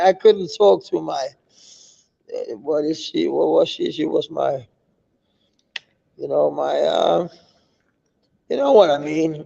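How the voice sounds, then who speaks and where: A man with a Danish accent drawls slowly in a heavily gravelly, fry-laden voice that sits a little high. He rambles through a casual live-stream chat, swearing freely and restarting his sentences. The audio is dull and lo-fi. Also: dark tone. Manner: meandering, profane, many restarts.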